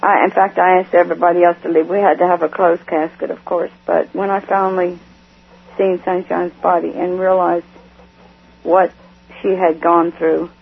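A middle-aged woman giving a tearful personal testimony, speaking haltingly with many restarts and repeated words. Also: fairly low pitch, level tone, creaky, slightly rough. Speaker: guest. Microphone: telephone. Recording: tinny phone line.

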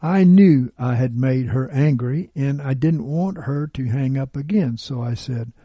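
A man's voice: medium pitch, unhurried, hardly any pauses, mellow, husky, no echo. A man narrating a personal account in an earnest, pleading storytelling manner.

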